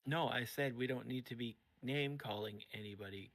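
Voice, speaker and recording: Guest, man, gravelly mid-pitch voice, laid-back and sarcastic, laughs a lot. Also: a little fast, fairly bright tone. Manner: easygoing, laughs often, dry sarcasm. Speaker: guest, voice actor. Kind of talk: casual livestream chat.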